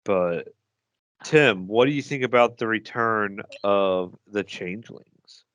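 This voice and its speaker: A male podcast co-host talks movies with argumentative, enthusiastic fan energy in a casual chat. His voice is fairly low, slow, fairly bright and smooth, and the recording is dry.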